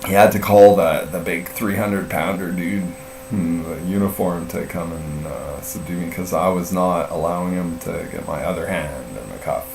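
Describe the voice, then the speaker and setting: A middle-aged man speaks at normal speed in a low, creaky voice while telling a story in casual live-stream chat. It's a rambling, profane account full of fillers and self-mocking laughs, recorded on a roomy, distant mic with a faint mains hum.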